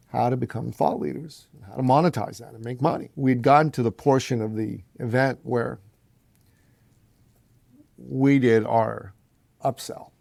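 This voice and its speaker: A man's voice: vocal fry, dry recording. A man telling a personal story as a podcast guest, acting out the voices he quotes, calling the listener brother. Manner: animated storyteller, acts out quotes with big pitch jumps.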